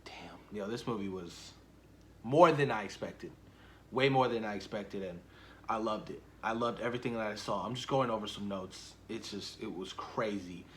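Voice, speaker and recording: A man's voice: lowish voice, normal speed, slight background noise. Gushing young man reviewing a film. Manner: gushing, repeats himself, trails off softly. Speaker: movie vlogger. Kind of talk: excited casual film review.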